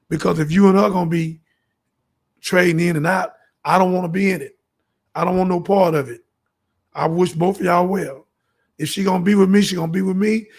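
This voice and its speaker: A show host speaks in a high-pitched, husky voice with vocal fry. He delivers a fervent, preachy monologue, acting out the conversations in the stories he tells.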